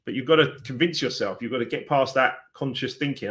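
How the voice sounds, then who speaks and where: A success coach in his forties hosts a live motivational stream, speaking a little fast at an ordinary middle pitch for a man. He's chatty and encouraging, warm in intent but loose in delivery, with plenty of fillers.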